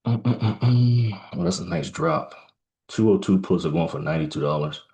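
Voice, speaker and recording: Male trader, very low gravelly voice, thinks aloud haltingly while watching the market, a bit tired. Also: fairly even intonation, a little mellow. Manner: halting, musing aloud with fillers and restarts. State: yawning, tired. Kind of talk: live trading commentary.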